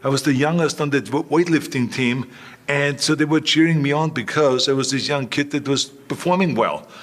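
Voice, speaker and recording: An older man as an interview guest, telling animated anecdotes and acting out the lines of the people he quotes. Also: fairly high pitch, moderate pace. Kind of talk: storytelling in an interview.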